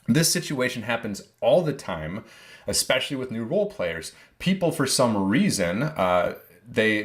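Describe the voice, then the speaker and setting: A man explaining how to play tabletop role-playing games in a casual how-to talk, acting out player quotes as examples. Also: fairly low pitch. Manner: casual, with restarts. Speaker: tabletop game designer giving advice.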